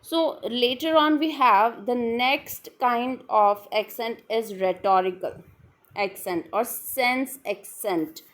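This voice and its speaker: A woman's voice: fairly high pitch, slow pace. A woman teaches a literature lesson. She circles back over each definition, restating it and filling gaps with "all right then" and "uh". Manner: repetitive, restating definitions with frequent fillers. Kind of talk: explanatory lecture.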